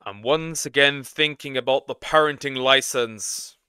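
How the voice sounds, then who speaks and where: A man reacting to a video as a streamer, in animated casual commentary with sudden loud outbursts. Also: medium pitch, a little slow, clean tone, no room sound.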